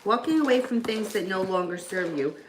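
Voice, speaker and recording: A woman's voice: medium pitch, expressive, brisk. A woman giving a casual live tarot reading, chatty and loose, with background noise. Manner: chatty, talks baby talk to a child between readings. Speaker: tarot reader. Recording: echoey room with background noise.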